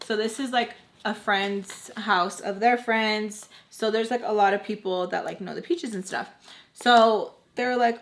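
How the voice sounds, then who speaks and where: A woman's voice: medium pitch, normal speed, a bit bright. A young woman casually telling a storytime while doing her makeup, full of "like" and acting out what people said. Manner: chatty, heavy use of "like", acts out quoted voices. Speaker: storytime vlogger.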